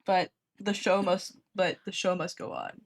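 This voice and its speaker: A woman's voice: lowish voice, fairly even intonation, a little slow. A woman streamer chatting casually and jokingly while playing a game, laughing often.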